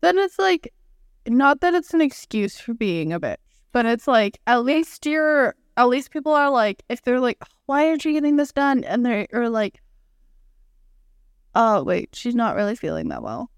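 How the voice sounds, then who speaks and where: Clear, fairly high-voiced woman chatting. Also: very animated, normal speed, no echo, clean studio sound. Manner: chatty storytelling, many fillers. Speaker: podcast co-host. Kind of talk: casual chat.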